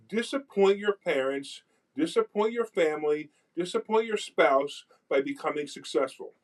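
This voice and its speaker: Animated male talk radio host. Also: a little high, normal speed, hardly any pauses, low-quality recording. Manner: emphatic, animated, quizzes his guests. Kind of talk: casual talk radio chat.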